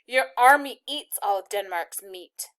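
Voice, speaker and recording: Woman reader putting on a bold little girl, higher and quick-talking, cheeky with soldiers. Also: very animated. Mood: defiant. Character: brave young girl, quick and defiant.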